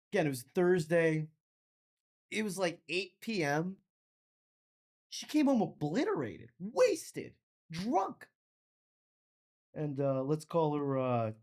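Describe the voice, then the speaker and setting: A man hosting a comedy podcast and telling stories in a profane, ranting monologue that builds to shouts. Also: fairly high pitch. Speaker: podcast host.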